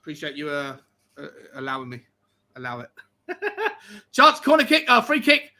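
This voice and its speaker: A man hosting a live football watchalong, reacting loudly to every play, swearing and swinging between yelling and muttering. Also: a little high, fairly quick. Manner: excitable, swings between shouting and mumbling, swears. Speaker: fan show host.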